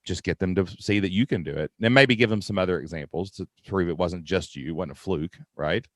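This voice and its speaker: A man from Kentucky hosting a podcast, chatty and quick to laugh, full of "like" and "right?". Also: low voice, a bit bright, no echo, clean studio sound. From Kentucky, USA. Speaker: podcast host. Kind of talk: podcast interview.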